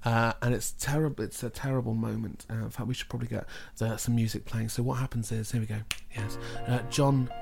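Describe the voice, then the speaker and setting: A man's voice: mid-range voice, steady tone, brisk, creaky, few pauses, a little mellow, husky. Goofy guy co-hosting a comedy bit, laughs a lot, light music behind. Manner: playful, laughs often, goofy outbursts. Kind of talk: improvised comedy storytelling.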